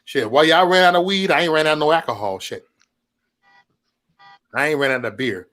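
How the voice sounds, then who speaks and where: A man's voice: a little high, brisk, a bit bright. A man hosting a casual livestream from home, talking in loose, profane, laughing banter. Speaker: livestream host.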